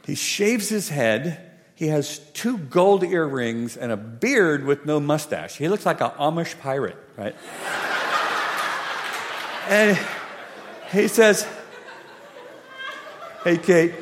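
A preacher telling a funny story in an animated, humorous way. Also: male voice, fairly high pitch, a little slow, slight background noise. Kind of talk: sermon storytelling. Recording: long hall reverb.

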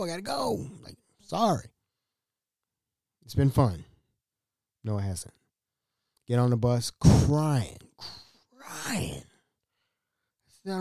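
A man hosting a podcast in a loose storytelling monologue. His pitch leaps and dips constantly as he acts out other people, breaking into laughs. The sound is close and dry. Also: mellow, no echo. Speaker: podcast host.

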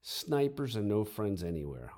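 A man's voice: on the low side, very animated, moderate pace, dark tone, pitched above the performer's own voice. A man voicing a blunt, weary young male army sergeant who talks frankly and swears. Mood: grim. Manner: frank, plain-spoken, profane. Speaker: soldier back from war.

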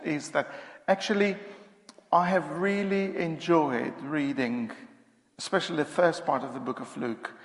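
A minister preaching in a church hall, speaking conversationally with frequent pauses and ums. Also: male voice, fairly high pitch. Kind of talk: sermon. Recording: echoey church hall reverb.

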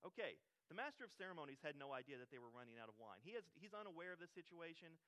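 A man's voice: a little high, very animated, racing, bright, forceful tone, poor audio. A man preaching a sermon in a conversational way, explaining the story with asides and little acted-out quotes. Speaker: pastor.

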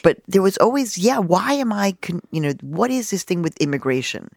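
A woman in her fifties from Mexico, a journalist, telling a personal story in an interview with an animated, expressive delivery. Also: medium pitch, brisk, gravelly, dry recording, studio quality. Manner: animated, expressive, acts out quotes. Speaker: journalist and guest.

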